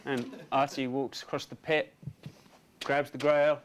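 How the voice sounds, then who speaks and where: A man narrating an animated story pitch, describing action and making sound effects. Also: unhurried, slight background noise. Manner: dropping into low voices, making sound effects.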